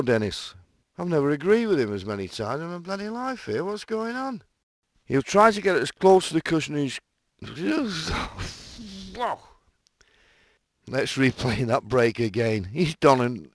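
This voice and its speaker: A man's voice: mid-range voice, no echo, studio quality. A man recording snooker commentary lines, chatty and self-mocking, with frequent laughing asides. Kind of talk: jokey commentary voice-over session.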